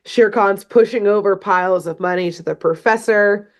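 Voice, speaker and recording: A woman's voice: medium pitch, moderate pace. A woman co-hosting a podcast, casually recapping a cartoon episode in a rambling way, filling her talk with "like" and "um". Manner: rambling, full of "like" and fillers; laughs at her own jokes. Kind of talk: casual chat.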